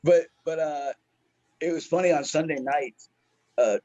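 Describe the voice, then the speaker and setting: A man's voice: on the high side, unhurried, dark tone, highs cut off. A man who is a stand-up comedian, telling a story in a casual, profane, slangy way and laughing often.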